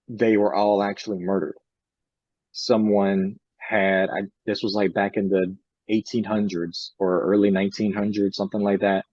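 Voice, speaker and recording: Low-voiced man telling a ghost story. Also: a little mellow, slightly rough, no echo, highs cut off. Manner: retells conversations, many fillers and restarts. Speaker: podcast co-host. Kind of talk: casual storytelling.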